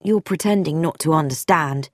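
A woman's voice: low voice, normal speed, dry recording, clean studio sound. A woman voicing an earnest, loyal young man, the son of a vicar, speaking plainly and frankly in a storybook reading. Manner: plain, frank, self-deprecating.

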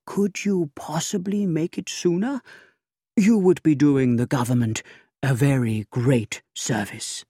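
A man doing a hushed, pompous official. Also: fairly high pitch, a little slow, husky, no echo, studio quality. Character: self-important male government official, secretive and hushed.

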